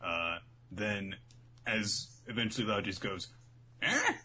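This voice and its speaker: A man co-hosting a casual chat, recapping a show in an animated, profane way. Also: sits low, moderate pace, slightly rough. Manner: animated, profane, laughs often. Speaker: co-host.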